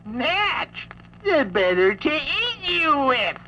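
A woman's voice: sits high, sing-song, takes it slowly, pushed and bright, full character voice. A woman voicing a sly male wolf putting on a frail old granny voice, with a slangy, drawling, evasive way of wisecracking on a comic storybook record. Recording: dull lo-fi vintage record with faint hiss.

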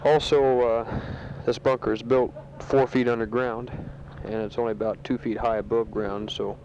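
A man who is a soldier, recording a casual spoken letter home from a sandbag bunker, talking matter-of-factly with a halting delivery full of fillers, on a dull home tape recording. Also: medium pitch, level tone, slight background noise. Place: sandbag bunker in a war zone.

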